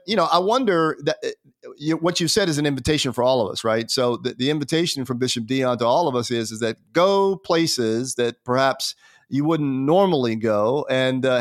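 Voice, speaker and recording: A man hosting a faith interview, reflective and halting, with many restarts and fillers. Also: mid-range voice. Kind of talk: conversational interview.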